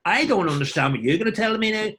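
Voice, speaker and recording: A man doing an impression of a chatty Northern Irish man, in lively, mock-casual banter. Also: high voice, fast, voice pushed up. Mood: jokey. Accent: Northern Irish (imitated).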